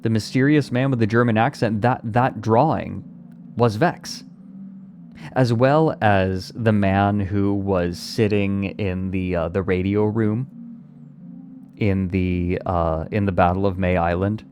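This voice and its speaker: A man's voice: fairly low pitch, fairly even intonation, takes it slowly, darkish tone, faint music behind. A man streaming live, chatting casually and playfully with his viewers and answering their comments as he rambles along. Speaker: livestreamer.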